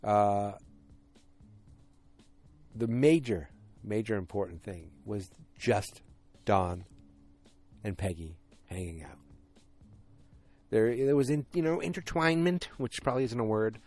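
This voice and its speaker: A man's voice: on the low side, animated, unhurried, pauses often, darkish tone, faint music behind. A man hosting a podcast, casually recapping a TV episode in a rambling way, correcting himself often. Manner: rambling, self-correcting, many fillers. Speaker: podcast host.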